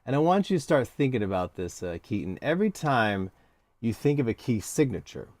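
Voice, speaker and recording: A man's voice: mid-range voice, big pitch swings, a little fast, darkish tone, dry recording. An American man teaching cello in a live online lesson, encouraging and hands-on as he counts out cues.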